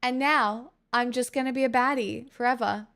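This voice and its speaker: Playful, smooth-voiced female streamer. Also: on the high side, steady tone, normal speed, a bit bright. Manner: playful, giggly, teasing. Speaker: livestreamer. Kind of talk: casual livestream chat.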